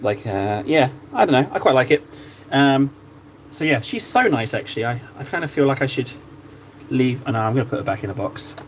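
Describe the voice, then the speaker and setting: A man's voice: medium pitch, animated, fairly quick, slight background noise. A young man chatting casually while painting miniatures, rambling and laughing at himself, in a small cupboard room.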